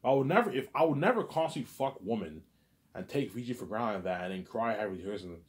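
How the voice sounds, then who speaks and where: A man's voice: fairly low pitch, animated, fast. A man delivering a rambling, agitated vlog monologue, stammering and repeating himself. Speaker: vlogger.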